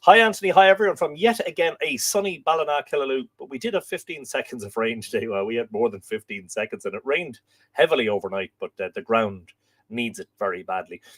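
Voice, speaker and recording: An Irishman hosts a live stream in a medium-pitched, animated, brisk voice. He chats casually, reads viewer comments out loud, and drifts into musing asides with plenty of filler words.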